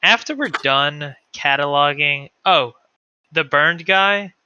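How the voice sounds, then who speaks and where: A man playing in a tabletop game, speaking playfully with halting restarts. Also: fairly high pitch, bright, forceful tone, a little hiss or hum. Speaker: player. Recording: dry, dull lo-fi mic.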